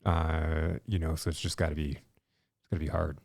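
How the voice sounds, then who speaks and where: Deep, mellow male podcast host. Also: flat delivery, moderate pace, vocal fry, dry recording, studio quality. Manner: rambling, hesitant, repeats words. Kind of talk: casual interview.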